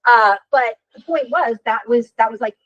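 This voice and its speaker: A woman in her fifties leads a workshop in a fairly high voice at a moderate pace, and the audio is lo-fi. She's frank and animated, chatting away and frequently throwing in a rhetorical "right?".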